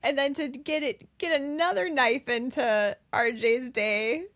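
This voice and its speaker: A woman's voice: sits high, a bit bright. Woman podcast co-host in her thirties, easygoing recap chat, filler-heavy, pops into character voices. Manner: retells scenes with quick voiced impressions, many fillers. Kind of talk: casual movie recap chat.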